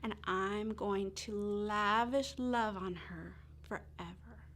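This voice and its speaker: A woman voicing a tender little girl who pleads in a high, childlike voice. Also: steady tone, slow pace, fairly bright tone, a little hiss or hum.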